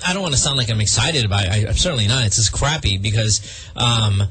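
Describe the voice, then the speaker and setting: A man's voice: lowish voice, a bit bright, soft background music. A man hosting a radio show, chatting casually and stumbling through restarts. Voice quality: husky, halting with many restarts.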